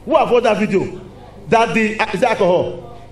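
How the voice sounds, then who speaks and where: A man with a Nigerian accent preaching a lively sermon in a church, asking the congregation rhetorical questions. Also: high voice, fairly quick. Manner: animated, call-and-response preaching with rhetorical questions. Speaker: pastor. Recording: echoey hall with faint noise.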